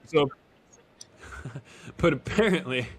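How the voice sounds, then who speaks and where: A man's voice: fairly high pitch, lively intonation, slow, husky. A man casually recapping an episode as a podcast co-host, with fillers and self-corrections. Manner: acts out character lines while recapping. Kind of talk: casual review chat.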